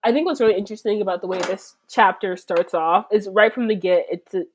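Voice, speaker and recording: A woman guesting on a podcast in casual book-club chat, lively and quick to laugh. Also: mid-range voice, slight background noise.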